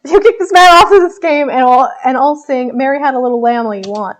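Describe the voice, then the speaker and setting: A woman's voice: high voice, a little fast, faint music behind, natural voice. A woman voicing an impatient, rude young woman customer in a costume mask who swears and makes demands.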